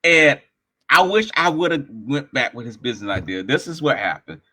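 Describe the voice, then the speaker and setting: A man telling stories as an interview guest, animated and acting out the lines of other people. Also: mid-range voice, normal speed. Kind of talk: casual storytelling.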